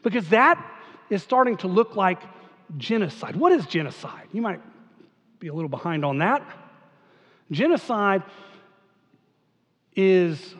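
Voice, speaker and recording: Male pastor, high voice, sermon in a church with a long echo, reads scripture then talks it through casually. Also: very animated, unhurried, pauses often, a bit bright. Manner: reads scripture then explains it conversationally, with rhetorical questions.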